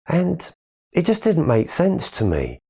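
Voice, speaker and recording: This spiritual speaker's voice is on the high side, gravelly, warm and husky, with wildly swooping pitch, and he takes it slowly. In a reflective personal monologue, he candidly and earnestly describes his life, swearing casually.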